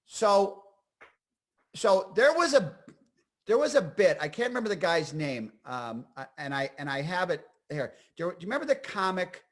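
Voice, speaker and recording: Man from Scranton, fifties, high voice, rambling animated interview stories. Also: normal speed. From Scranton, Pennsylvania. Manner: animated, rambling, full of fillers and asides. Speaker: guest, actor and comedian. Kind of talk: casual interview storytelling.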